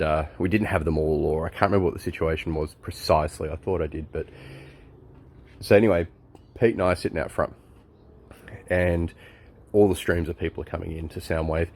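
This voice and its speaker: Low-voiced Australian man telling a rambling yarn. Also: darkish tone, a little hiss or hum. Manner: chuckling, loose storyteller with many fillers. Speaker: friend giving a birthday message. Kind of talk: rambling anecdote.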